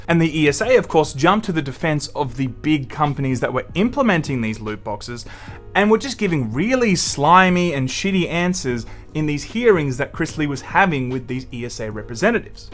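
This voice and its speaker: A man with an Australian accent hosting a gaming news show, giving blunt, opinionated commentary. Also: on the high side. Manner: animated, blunt and scornful.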